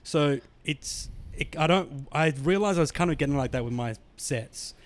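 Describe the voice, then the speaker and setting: Chatty comedian hosting a podcast. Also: male voice, a little high, moderate pace. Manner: chatty, self-deprecating, laughs often. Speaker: podcast host, stand-up comedian. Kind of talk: casual podcast chat.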